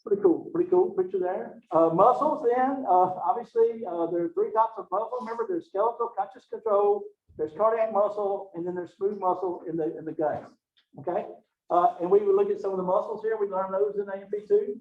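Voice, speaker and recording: A man's voice: sits high, a little fast. A man giving a college biology lecture in a folksy, joking way, talking to his students with y'all and okay. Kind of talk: recorded classroom lecture. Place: classroom. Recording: echoey classroom, distant, phone-like audio.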